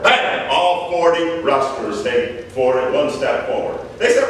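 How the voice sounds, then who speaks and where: A man's voice: fairly high pitch, normal speed. A man from San Diego, a wrestling coach, giving a motivational faith talk full of stories and acted-out quotes in a large indoor gym. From San Diego, California. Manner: animated storyteller, acts out the quotes. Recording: echoey hall from far off, faint noise.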